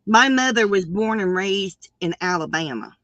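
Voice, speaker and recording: A woman with a Southern country accent, chatting casually and deliberately as co-host of a crochet live stream. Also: mid-range voice, expressive, fairly bright tone, no echo.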